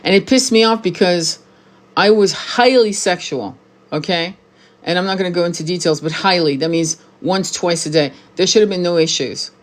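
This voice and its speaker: A woman's voice: fairly low pitch, normal speed. A woman in her sixties, a tarot reader and spiritual teacher, talking bluntly and with profanity to camera in a casual monologue, repeating points for emphasis. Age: 60s.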